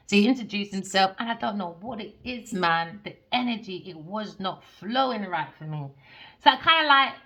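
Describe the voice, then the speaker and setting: Brief: woman, tarot reader, mid-pitched, slangy and emphatic, jumps from loud bursts to low mutters, slightly dull recording. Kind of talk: casual storytelling monologue.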